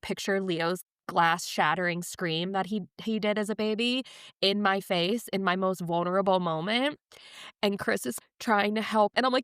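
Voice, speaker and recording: A woman's voice: mid-range voice, smooth, dry recording, studio quality. A young woman on a podcast, telling a personal story in a candid, emotional, confiding way. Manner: emotional, confiding, animated retelling. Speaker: podcast guest.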